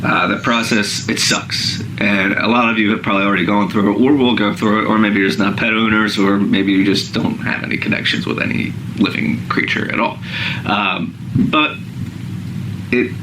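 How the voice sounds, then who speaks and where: A man's voice: fairly low pitch, steady tone, moderate pace. A man talking to his viewers in a hesitant way, with many fillers. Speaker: vlogger. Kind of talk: casual talk to camera. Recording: roomy clip with vehicle noise.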